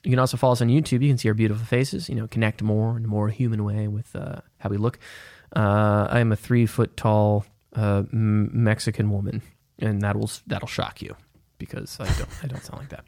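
A man's voice: lowish voice, level tone, brisk, darkish tone, no room sound, studio quality. A young man co-hosting a casual film podcast, rambling with frequent restarts and jokes. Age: young adult. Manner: rambling, self-interrupting, joking. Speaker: podcast co-host.

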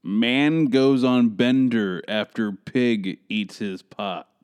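Slow-talking laid-back podcast man. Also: mid-range voice, a little mellow, smooth. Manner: laid-back, short replies, reads headlines aloud. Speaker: podcast co-host. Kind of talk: casual chat.

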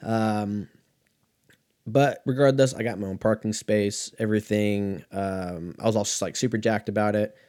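A man from California with a slightly low voice tells a long story in a loose, profane, rambling way. He drifts onto tangents and then pulls himself back on track. It sounds like an unscripted chat with his regular listeners. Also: fairly even intonation, normal speed, a little mellow. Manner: profane, rambling, easily sidetracked. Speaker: host. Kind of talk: casual storytelling monologue.

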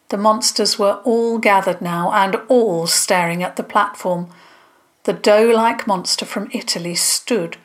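A woman narrating a children's story in a gentle, unhurried reading. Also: mid-range voice.

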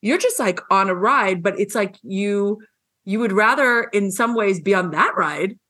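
A woman's voice: medium pitch, animated, measured pace, sharp tone. A woman hosting a casual chat, talking in a chatty, reflective way with many fillers. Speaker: host.

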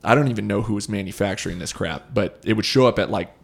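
A young man, a former football player, hosting a casual podcast chat in an easygoing, relaxed way. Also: on the low side, fast, vocal fry. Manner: easygoing, relaxed storytelling with fillers.

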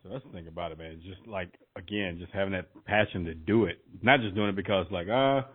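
A man's voice: low voice, a little fast, slightly rough, no echo. A man chatting as a host, telling stories bluntly and laughing often. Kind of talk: casual profane chat. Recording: tinny phone-like dry sound.

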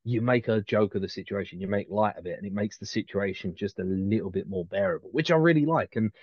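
Low-voiced man, rambling chat. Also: quick pace, no room sound, muffled recording. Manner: rambling, many restarts and fillers. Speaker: podcast co-host. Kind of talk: casual chat.

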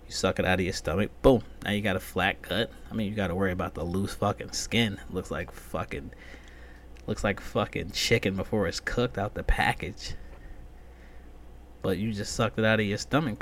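A man's voice: lowish voice, a bit bright, slight background noise. A man hosting a casual solo podcast rant, loose, profane and rambling. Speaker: podcast host.

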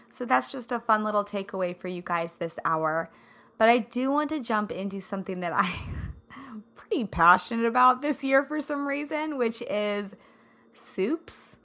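Bright, slightly hoarse woman podcaster. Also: mid-range voice. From American Midwest. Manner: bubbly and chatty, laughs often. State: slightly hoarse, scratchy throat. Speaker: podcast host. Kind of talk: casual solo podcast chat.

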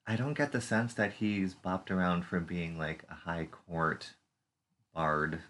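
Man, very low voice, casual playful co-host. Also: steady tone, slow pace, a bit bright, slight background noise. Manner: playful, puts on silly voices and puns. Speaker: podcast co-host. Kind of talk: casual chat recapping a TV episode.

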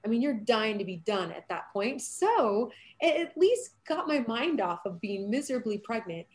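A woman in her thirties, an actress appearing as an interview guest, talks in a fairly high voice at a moderate pace. She's an animated storyteller who laughs often during this casual chat.

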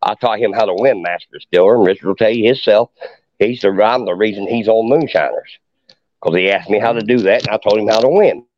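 A man's voice: lowish voice, fast talker, no echo. A middle-aged man, a podcast guest telling a long story in a boastful, profane hillbilly way. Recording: dull lo-fi podcast audio.

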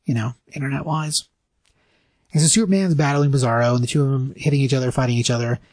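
A man co-hosting a casual podcast, recapping a comic story in a rambling way and briefly acting out lines in higher voices. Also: very fast, darkish tone, no room sound. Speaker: podcast co-host reviewing comics.

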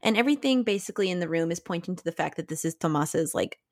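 A woman's voice: on the low side, animated, fast talker, a little mellow, dry recording, studio quality. A young woman co-hosting a podcast, casually recapping a film and acting out the characters' lines in a raised voice. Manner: chatty, many "like"s, acts out characters' lines in a raised voice. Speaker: podcast co-host.

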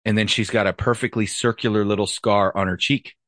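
A man's voice: on the low side, fairly even intonation, a little fast, a bit bright, no echo. A man, a former police officer, telling a story from his career in a blunt, profane, casual way. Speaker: retired police officer, podcast host.

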